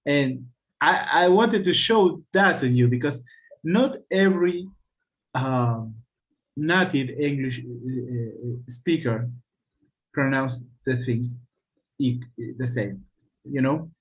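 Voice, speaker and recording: A man with a Spanish accent leads an online English lesson, his voice sitting at an ordinary middle pitch. He talks haltingly, stopping for fillers and restarts and checking in with his students as he goes, and he comes through a video call. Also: low-quality recording. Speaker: English teacher.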